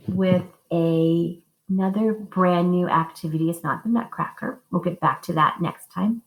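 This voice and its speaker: A woman music teacher telling a story to young children and leading simple call-and-response singing, encouraging and sing-song. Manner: slow, sing-song and encouraging, modeling high and low notes for kids. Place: school music room. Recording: echoey classroom.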